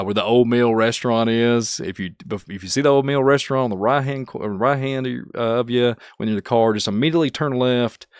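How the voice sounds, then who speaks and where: A man with a Kentucky accent, hosting his channel and chatting casually, rambling and chuckling often, turning soft and emotional. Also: fairly low pitch, no echo, studio quality. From Kentucky, USA. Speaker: channel host. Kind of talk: casual thank-you vlog chat.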